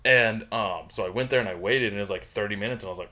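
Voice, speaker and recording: A young man co-hosting a podcast, chatting casually, excitable and profane. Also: on the low side. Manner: excitable, profane, quick to laugh. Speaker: podcast co-host. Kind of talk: casual chat.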